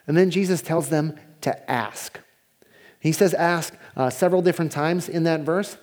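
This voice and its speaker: A man preaching a sermon as pastor, in a conversational way, dropping to a hushed voice when he voices prayers. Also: on the high side, moderate pace.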